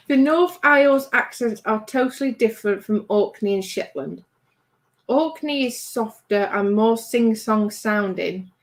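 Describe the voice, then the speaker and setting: A woman co-hosting a casual livestream, chatting and reading out viewer comments with a teasing manner. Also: medium pitch. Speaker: livestream co-host reading chat. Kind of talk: casual chat.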